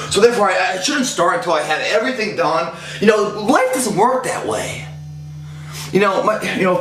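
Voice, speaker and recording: Intense, high-voiced fitness motivator man. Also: a bit bright, a little hiss or hum. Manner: intense, profane, emphatic. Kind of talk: impassioned motivational talk. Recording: echoey room.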